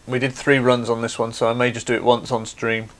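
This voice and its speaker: A man's voice: mid-range voice, monotone, a little fast. A man hosting a craft livestream, chatty and explaining things step by step. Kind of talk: casual demonstration.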